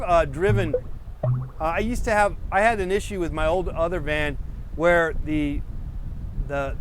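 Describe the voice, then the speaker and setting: Hosting a painting show, a middle-aged man with a fairly high voice chats casually with viewers in a rambling, digressive, easygoing way, wandering from story to story. There's slight background noise.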